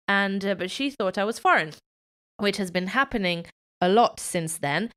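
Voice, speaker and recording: A young woman from Italy, a native Italian speaker, co-hosting a radio show and telling a lively personal anecdote with frequent laughs. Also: mid-range voice, normal speed, smooth. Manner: animated storytelling, laughing often. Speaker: co-host. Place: radio studio.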